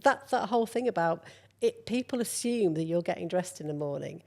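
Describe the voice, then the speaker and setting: Candid, animated woman, middle-aged, with a low, gravelly voice. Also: a little fast. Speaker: guest, model. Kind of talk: conversational interview.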